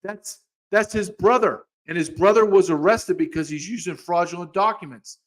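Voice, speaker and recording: A man's voice: high voice, moderate pace. A man hosting a podcast, ranting angrily in heated commentary, with frequent restarts and repeated words. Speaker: podcast host.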